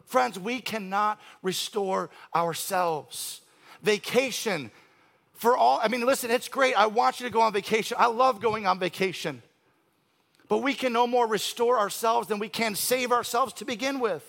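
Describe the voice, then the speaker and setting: A man in his forties preaching a sermon from the pulpit. His voice sits high for a man and has a gravelly edge. He swings from forceful declarations to near-hushed moments, then drops into casual, dry-humored asides. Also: normal speed. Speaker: pastor.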